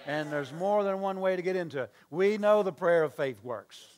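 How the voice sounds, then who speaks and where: A man's voice: sits high, normal speed, a little mellow. A male pastor preaching a sermon, telling a story with acted-out dialogue and asides to the congregation.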